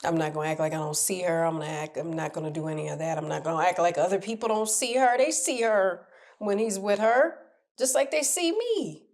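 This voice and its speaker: A woman's voice: fairly low pitch, brisk. A woman coaching on relationships, talking candidly and animatedly to camera in a casual advice chat. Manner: candid, animated, laughs at her own stories.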